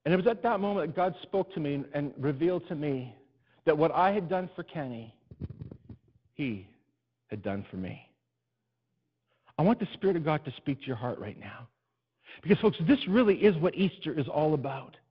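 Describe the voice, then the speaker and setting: A pastor telling a personal story in a sermon, building to emphatic, repeated refrains. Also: male voice, on the high side, animated, moderate pace, long pauses, husky. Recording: dull lo-fi recording.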